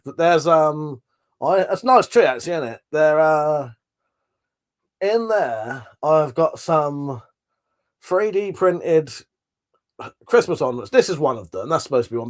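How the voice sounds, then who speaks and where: A chatty man with a fairly high voice hosts a casual livestream. He rambles as he reads out viewer comments and swears casually. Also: a bit bright. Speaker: livestream host. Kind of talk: casual chat reading out live comments.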